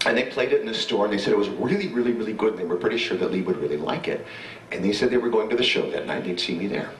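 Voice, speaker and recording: An older man reminisces fondly before a live audience, his low voice carrying through a roomy hall. The mic sits some way off, with a faint hiss underneath. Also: lively intonation, quick pace, fairly bright tone, far from the mic. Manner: nostalgic, reminiscing. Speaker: stage performer. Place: theater stage.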